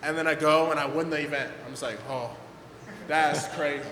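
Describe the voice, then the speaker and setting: A young man, telling stories at a skate event Q&A in a casual, animated way, full of fillers and acted-out quotes. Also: a little high, racing, a little hiss or hum. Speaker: guest pro skateboarder. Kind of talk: casual storytelling at a Q&A. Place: event hall with audience. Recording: echoey hall, faint ambience.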